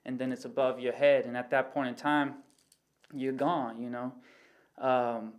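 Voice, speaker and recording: Flat-voiced man musing earnestly. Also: mid-range voice, a little slow. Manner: rambling, full of "you know what I mean" asides; earnest, explains with everyday analogies. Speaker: podcast guest. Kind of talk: casual reflective conversation.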